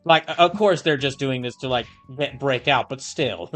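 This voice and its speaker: A man's voice: medium pitch, normal speed, a bit bright, soft background music. A man chatting casually while livestreaming a game, reacting to the story and reading viewer comments aloud. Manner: chatty, reads chat aloud.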